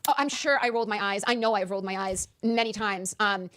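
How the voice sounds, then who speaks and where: A woman answering interview questions in an emphatic, animated way, often stammering and restarting. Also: mid-range voice, fast talker, slight background noise. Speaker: interview guest.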